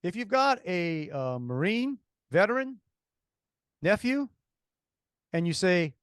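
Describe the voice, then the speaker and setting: A man with a Cajun accent tells a long story on a podcast in a fairly high voice. He talks in an animated, rambling way, full of restarts. The sound is close and dry. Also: slow pace, clean tone, no echo. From Louisiana. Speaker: podcast co-host. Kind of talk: casual storytelling.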